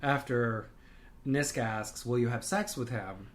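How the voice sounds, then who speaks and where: Podcast cohost recapping a show, kinda hesitant, thinks out loud. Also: mid-range voice, a little slow. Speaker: podcast co-host. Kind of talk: casual chat recapping a TV show.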